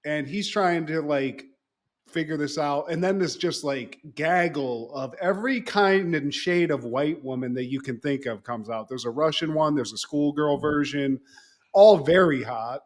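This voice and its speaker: A man co-hosting a casual podcast, voice sitting a touch higher than most men's. He recaps with lively energy, jumps into the characters' voices for quoted lines, and swears freely. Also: a little slow. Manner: animated, acts out quoted lines with profanity. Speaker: podcast co-host.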